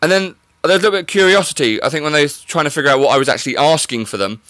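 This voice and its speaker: A young man with a slightly higher-than-usual voice hosts a podcast in easy, casual chat. He jokes constantly, teases his guest and pokes fun at himself. His talk is loose and full of small restarts. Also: rapid-fire, fairly bright tone, dry recording. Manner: joking, self-mocking, teasing. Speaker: podcast host.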